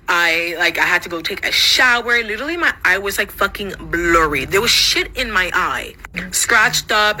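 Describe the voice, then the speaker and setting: A young adult woman casually telling a personal story, swearing freely and jumping up high when she quotes people. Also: poor audio. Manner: animated, swearing, jumps into high voices when quoting others.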